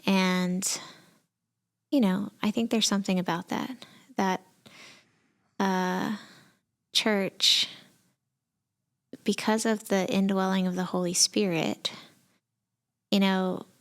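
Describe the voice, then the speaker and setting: A woman's voice: medium pitch, steady tone, slow pace, long pauses. A woman from Texas, a pastor co-hosting a podcast, talking casually and reflectively with many fillers. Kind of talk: casual conversation.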